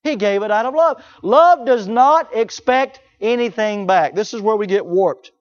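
A man's voice: high-pitched, a little slow, dull audio. A man preaching a sermon, asking the congregation rhetorical questions and voicing imagined objectors.

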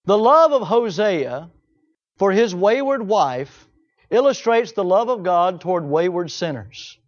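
A man's voice: high-pitched, big pitch swings, unhurried, muffled recording. A man preaching a sermon, asking the congregation rhetorical questions and voicing imagined objectors.

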